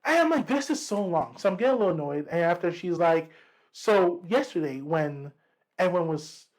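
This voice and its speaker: A man co-hosting a podcast, telling a story in casual chat, lively and profane, acting out what people said. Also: fairly high pitch, a little fast, rough recording. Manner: animated, profane, acts out quotes. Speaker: podcast co-host.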